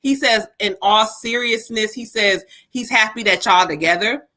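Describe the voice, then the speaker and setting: A woman tarot reader on a live stream, speaking in a bright, slightly high voice. She giggles often and swears casually while she passes along messages. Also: normal speed. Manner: giggly, animated, swears freely. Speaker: psychic reader. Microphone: webcam or phone on a live stream.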